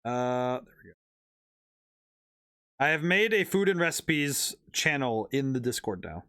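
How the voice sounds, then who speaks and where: Animated, bright-voiced male game streamer. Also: medium pitch, measured pace, clear, resonant tone. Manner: rambling, playful, thinking aloud with restarts. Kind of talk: casual live-stream commentary while playing.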